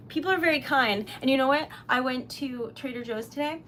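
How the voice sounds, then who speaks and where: Speaking in a high voice with lively intonation and a measured pace, this Rhode Island small-business owner chats on a live stream as she crafts. She's young, giggly and emotional, leaning on lots of fillers, and a little hiss or hum sits under the audio.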